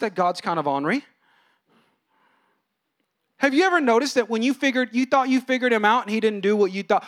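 A man delivers a sermon in a bright, high voice. He is animated and dramatic, pitching his voice up to act out quoted complaints. He sounds like a pastor in his thirties or forties. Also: fairly quick, pauses often. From California.

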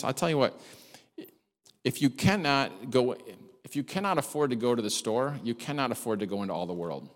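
A man preaching a sermon as a pastor, telling stories in a chatty, animated way with self-deprecating humor. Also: medium pitch, fairly quick. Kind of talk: sermon with storytelling. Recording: hall reverb.

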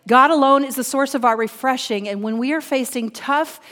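A woman's voice: high voice, moderate pace, fairly bright tone. Woman preaching in a reverberant hall. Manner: earnest, repeats key phrases for emphasis. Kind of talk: sermon reading scripture and teaching.

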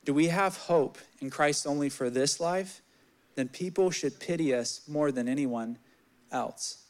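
A young man preaching a sermon, candid and animated, telling personal stories and reading scripture. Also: unhurried. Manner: candid and animated, swelling louder in stories, dropping low on scripture.

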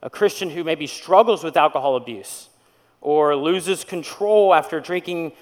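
A man's voice: on the high side, moderate pace, in a large hall. A man preaching a sermon as pastor, in a conversational style full of rhetorical questions.

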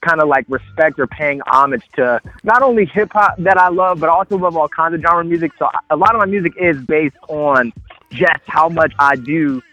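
A man's voice: a little high, moderate pace, bright, forceful tone, no echo, lo-fi sound. A man, a rapper calling in to a radio show, talking earnestly and rambling with lots of fillers. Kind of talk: casual radio chat. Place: phone call-in to radio show.

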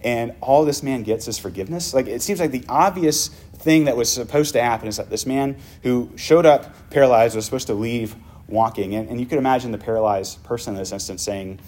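A male pastor preaching a sermon, vividly retelling a story and dropping to hushed tones. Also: medium pitch, a little fast.

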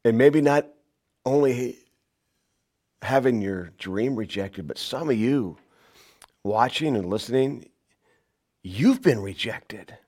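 A pastor preaching a sermon, shouting some lines and dropping to a hushed voice on others. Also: male voice, lively intonation, slow pace, long pauses. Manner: dynamic preaching, swings from loud shouts to hushed low lines.

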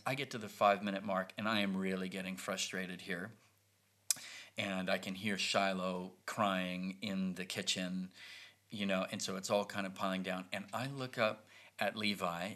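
Low, bright-voiced man telling a story. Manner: animated, acts out quoted lines. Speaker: podcast host telling a family story. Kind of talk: casual storytelling.

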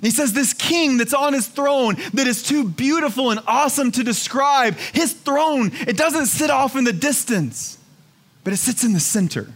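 A male pastor preaching a sermon to his congregation, moving from hushed, slow emphasis to excited, near-shouted exclamations. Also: very high-pitched. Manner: dynamic, swings from hushed to exclaiming.

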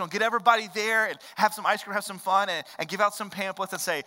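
A man preaching a sermon as pastor, animated and conversational, with quick asides to the congregation. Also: sits high. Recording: long hall reverb.

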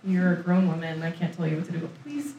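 A woman's voice: lowish voice, animated, fast talker, dark tone, highs cut off. A woman from Florida, a guest author, telling a long story in casual chat. She laughs often and acts out her own lines. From Florida, USA. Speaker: author on book tour, guest. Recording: roomy echo, distant mic, faint noise.

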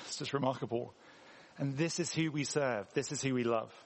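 This English preacher speaks a little fast in a mid-range voice. He gives his sermon in a church hall with echoing acoustics, keeping it conversational and directing questions at the congregation.

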